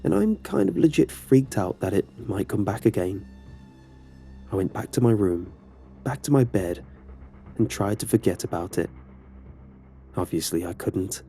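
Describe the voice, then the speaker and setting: A man's voice: fairly low pitch, creaky, warm tone. A man narrating a horror story in a casual, conversational way.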